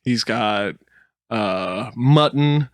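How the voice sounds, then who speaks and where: A man's voice: mid-range voice, extremely slow, no room sound. Man telling a story on a dry mic. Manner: animated storytelling with laughs and silly put-on voices. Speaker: podcast co-host. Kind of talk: casual chat.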